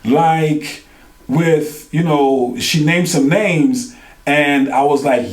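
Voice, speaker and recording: Animated New man telling a story. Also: a little high, slow pace, echoey room. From New York. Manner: animated, acts out quoted dialogue with colloquial slang. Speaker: podcast co-host. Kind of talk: casual storytelling chat.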